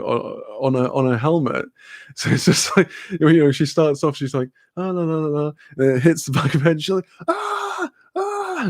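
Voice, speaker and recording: A man's voice: medium pitch, creaky, darkish tone, no room sound, studio quality. A Welsh man streaming a casual chat, laughing often, swearing freely and reading chat messages aloud. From Wales.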